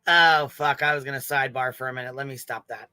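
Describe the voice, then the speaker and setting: A man's voice: medium pitch, fairly even intonation, fast talker, pushed and bright, clear, resonant tone, dry recording. A man hosting a casual livestream, swearing freely, giggling and thanking chat members. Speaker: livestream host.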